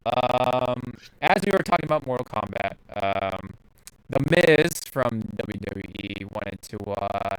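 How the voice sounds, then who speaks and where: Guy hosting a podcast, mid pitch, rambles with ums and uhs, dead dry room. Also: a bit bright, clean tone, no echo, low-quality recording. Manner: rambling, many fillers and restarts. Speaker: podcast host. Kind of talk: casual chat.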